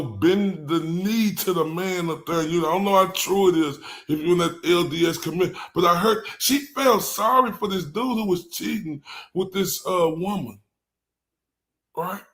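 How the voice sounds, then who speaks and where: Gravelly blunt male reaction streamer. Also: high-pitched, fairly bright tone. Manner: blunt, profane, mocking, talks to his chat. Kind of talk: live reaction commentary.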